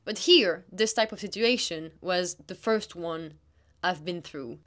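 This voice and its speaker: A young woman hosting a solo podcast, speaking in an earnest, encouraging coaching tone. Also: on the low side. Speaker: podcast host, athlete.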